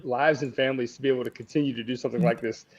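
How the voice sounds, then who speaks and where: A man's voice: mid-range voice, steady tone, racing, lo-fi sound. Give me an easygoing, self-mocking man guesting on a podcast, with a faint hiss behind him. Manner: easygoing, self-deprecating joking. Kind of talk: casual live-stream chat. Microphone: webcam setup on video call.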